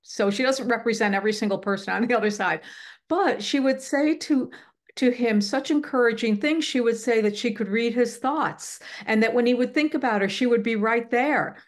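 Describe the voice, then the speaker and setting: A woman's voice: a little high, normal speed. A middle-aged woman speaking in casual conversation, telling a heartfelt story earnestly and animatedly, often restarting her sentences. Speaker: guest speaker on the afterlife. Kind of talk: casual chat.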